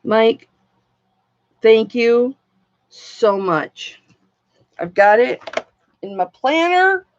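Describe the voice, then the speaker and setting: Chatty excitable woman streaming live. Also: a little high, extremely slow, pauses often, no room sound. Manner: chatty, excitable, swears casually. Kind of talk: casual live-stream chat. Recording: dull lo-fi dry sound.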